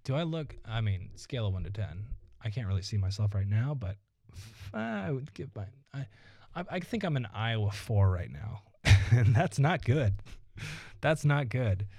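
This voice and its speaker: A man's voice: on the low side, sing-song, moderate pace, a little mellow, no room sound. Male podcast host, rambling profane rant, solo monologue, dry close sound.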